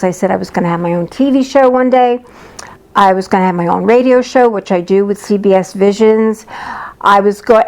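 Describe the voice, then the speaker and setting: Gravelly-voiced woman psychic, blunt and joking. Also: mid-range voice, darkish tone. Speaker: psychic reader. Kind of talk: casual personal storytelling.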